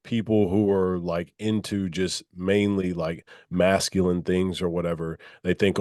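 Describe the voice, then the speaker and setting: Podcast host guy, really low voice, dry close sound, thinks out loud kinda rambly. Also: a little slow, hardly any pauses, no room sound. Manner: reflective, loose phrasing with fillers. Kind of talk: conversational interview.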